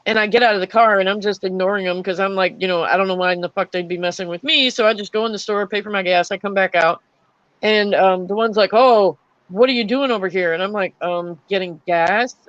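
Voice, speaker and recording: A woman's voice: medium pitch, brisk, fairly bright tone, no room sound, highs cut off. A young adult woman who is an army veteran, telling stories in a casual chat with lots of fillers and restarts. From Florida. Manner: rambling storytelling with many fillers.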